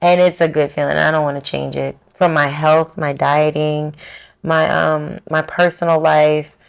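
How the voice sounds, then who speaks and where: A woman's voice: sits low, little pitch movement, a little slow, creaky, clear, resonant tone. A woman talking candidly as an interview guest, telling stories with animation and acting out her own past words. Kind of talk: candid casual chat.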